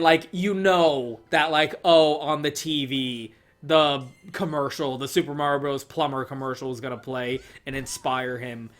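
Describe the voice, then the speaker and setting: A young man talks his way loosely through a movie review, his voice sitting a bit higher than most men's. He swears freely, laughs often and keeps stringing thoughts together with "like" and "you know". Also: a bit bright. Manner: rambling, swears, filler-heavy, laughs a lot. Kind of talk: casual rambling review.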